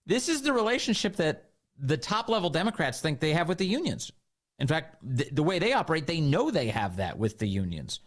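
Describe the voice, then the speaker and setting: Man, talk radio host, animated pitch, indignant commentary, mocking quotes. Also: moderate pace.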